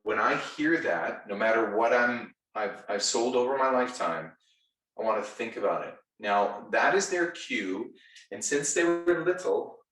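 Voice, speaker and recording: A man giving an energetic retail sales training talk, enthusiastic, playful and direct with his audience. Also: lowish voice, far from the mic. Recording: echoey room, voice set back.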